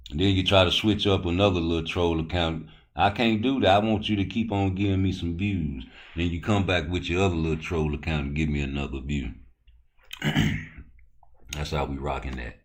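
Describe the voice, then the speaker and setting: Deep-voiced man, profane boxing rant. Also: moderate pace, pauses often. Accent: Baltimore. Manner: loose, profane, rambling street talk. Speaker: boxing talk show host. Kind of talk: live-stream talk, addressing chat.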